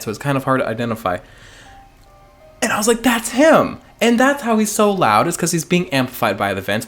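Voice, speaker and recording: Animated, rambling gaming streamer man. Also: mid-range voice. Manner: playful, rambling, jokey asides. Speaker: let's play streamer. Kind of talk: casual gameplay commentary. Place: upstairs home office. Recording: faint game music behind.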